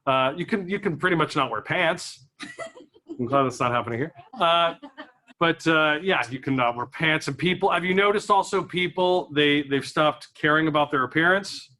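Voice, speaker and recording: A chatty stand-up comic with a high, bright voice rambles through his set at an office gathering. He keeps cracking himself up between lines. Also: normal speed. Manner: rambling, chatty, laughs at his own jokes. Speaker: stand-up comedian. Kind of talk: stand-up comedy. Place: office event room.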